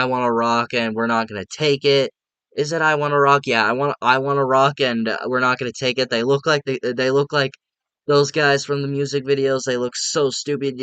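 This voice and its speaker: A man's voice: mid-range voice, pushed and bright, smooth, dry recording. A man giving a casual, rambling film review, repeating himself and laughing at the movie.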